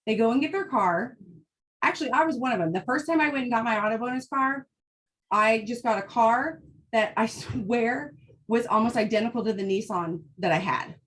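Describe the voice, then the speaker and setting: A high-pitched woman talks casually and with real fire, driving home her points bluntly. She keeps asking "right?" to pull her listeners along. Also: moderate pace, a little hiss or hum. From United States. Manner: fired-up, blunt, emphatic with frequent "right?". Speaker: host. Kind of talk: casual motivational talk.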